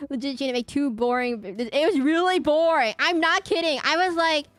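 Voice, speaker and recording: A woman's voice: sits high, moderate pace, no echo. A woman streamer chatting casually and rambling from topic to topic at her home setup.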